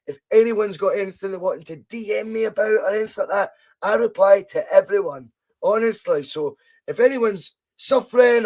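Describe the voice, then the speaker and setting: A Scottish man hosting a relaxed live podcast, high in pitch. He talks in a chatty, loose way, laughs often and swears casually. His voice sounds a little strained. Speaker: podcast host.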